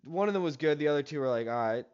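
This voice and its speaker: A man's voice: a little high, animated, very fast, a little mellow, clean tone, dull audio. A young man telling a casual story about a coworker in a rambling, exasperated way, with plenty of swearing. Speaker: story-time vlogger.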